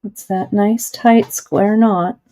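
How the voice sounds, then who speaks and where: An unhurried woman leads a live beading lesson, talking through each step as she works. Her tone is encouraging and chatty, and her pitch sits in a mid range. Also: fairly even intonation, mellow. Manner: chatty, encouraging, thinks aloud while working. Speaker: jewelry-making instructor hosting a live stream. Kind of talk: live craft demonstration.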